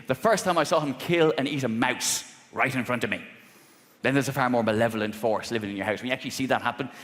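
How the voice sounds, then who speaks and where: A man performing stand-up on a theatre stage, telling his story with sudden jumps in pitch and volume. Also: fast, fairly bright tone. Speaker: stand-up comedian. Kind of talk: stand-up comedy set. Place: large theatre stage before a live audience. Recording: roomy, noisy theatre recording with long reverb.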